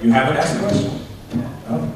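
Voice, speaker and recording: Man, voice actor on a panel, lively pitch, booming hall echo. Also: fairly quick, background noise. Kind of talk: animated panel storytelling. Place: large convention hall. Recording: echoey hall, distant mic, crowd.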